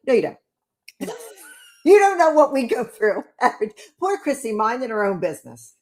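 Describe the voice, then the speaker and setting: A woman's voice: high voice, animated, normal speed, darkish tone. A woman co-hosting a casual wrestling review chat, chatty and sarcastic, often laughing. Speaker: podcast co-host.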